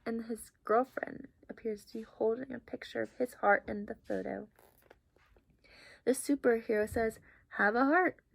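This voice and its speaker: Young woman reading a kids picture book out loud, high voice, real dry close sound, expressive. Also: gravelly, husky, no echo. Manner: expressive storytelling, marvelling asides. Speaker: education student reading aloud. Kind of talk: picture book read-aloud.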